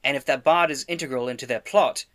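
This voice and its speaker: A man playing a tabletop game, speaking as his character in an earnest, deliberate way. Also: mid-range voice, fairly bright tone. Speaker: player.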